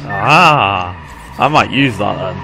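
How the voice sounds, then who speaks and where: Male gamer host, excitable and chatty, lively voice, unhurried delivery. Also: fairly low pitch, vocal fry, noisy background. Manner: excitable, laughs often. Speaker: game streamer. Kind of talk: casual gaming chat.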